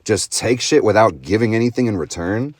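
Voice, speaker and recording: A man's voice: on the low side, brisk, no room sound. A young man in a profane, intense motivational astrology monologue, full of slang and swearing. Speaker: astrology vlogger.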